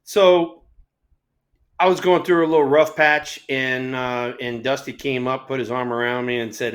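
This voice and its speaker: A man's voice: medium pitch, fairly even intonation, normal speed, reverberant. A man in his sixties co-hosting a sports talk show, telling stories in a rambling way with lots of fillers. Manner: rambling storyteller, lots of "you know". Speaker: former ballplayer co-host. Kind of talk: casual sports chat.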